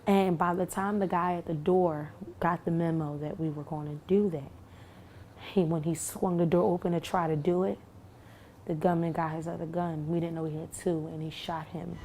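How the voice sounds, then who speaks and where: A young woman tells her story in a low, gravelly voice with a dark tone. She talks haltingly, full of fillers and restarts, in a testimony given to camera. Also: steady tone, slight background noise. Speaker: shooting survivor.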